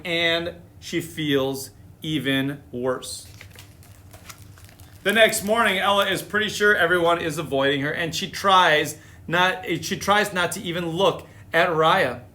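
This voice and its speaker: Guy doing storytime read-aloud, high bright voice, chatty asides. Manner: animated, chatty asides between reading. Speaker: storytime reader. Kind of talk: reading picture books aloud on a live stream.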